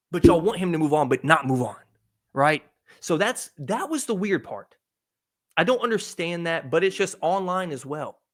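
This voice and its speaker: A man hosting a podcast, reviewing an album in casual talk, blunt and swearing freely, swinging between loud remarks and mumbled asides. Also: on the high side. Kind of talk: casual profane commentary.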